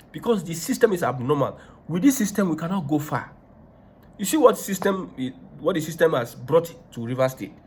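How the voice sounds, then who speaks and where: A man's voice: fairly high pitch, slightly rough. A Nigerian man giving opinionated political commentary, emphatic and repeating points for stress.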